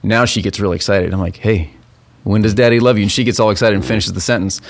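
A man's voice: fairly low pitch, fairly even intonation, fast talker. A man in his thirties or forties chatting on a podcast, upbeat and joking as he tells stories. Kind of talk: casual podcast chat.

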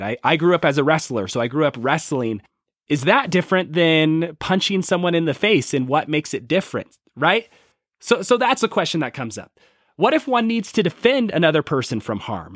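A man with a somewhat high voice tells a personal story in an earnest, conversational podcast style. He poses questions to his listeners as he goes. The sound is close and dry, with no room around it. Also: a bit bright, no echo. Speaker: podcast host. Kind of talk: storytelling monologue.

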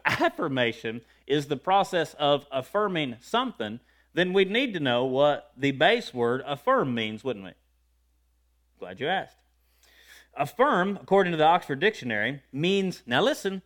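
A man preaching a lively sermon. His voice is fairly high, and its pitch rises and falls a great deal. He asks his listeners questions and breaks into loud shouts of praise.

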